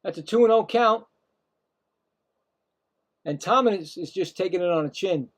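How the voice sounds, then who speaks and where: A man calling live play-by-play as a stream host, excitable, ranting at calls and talking straight to his viewers. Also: high voice, unhurried.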